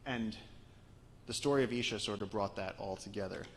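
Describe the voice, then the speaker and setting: A man's voice: fairly low pitch, a little fast, a bit bright, slight background noise, rough recording. A man giving a storytelling talk to a live audience, sharing conversational anecdotes with frequent restarts. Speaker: guest speaker and author.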